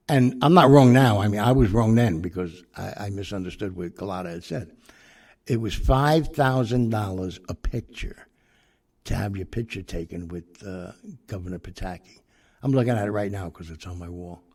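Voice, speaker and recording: A man's voice: on the low side, normal speed, a little mellow. An older man tells a rambling, profane anecdote, full of fillers and restarts. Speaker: storyteller. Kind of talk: casual anecdote.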